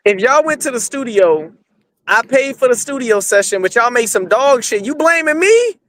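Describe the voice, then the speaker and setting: A man's voice: very high-pitched, expressive, moderate pace, fairly bright tone. A man co-hosting a movie podcast in casual, rambling chat, swearing freely. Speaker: podcast co-host.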